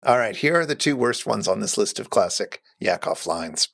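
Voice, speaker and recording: A man in his forties co-hosting a podcast in casual comedic chat, reading jokes with a deadpan delivery. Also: fairly low pitch, moderate pace, vocal fry, dry recording. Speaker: podcast co-host.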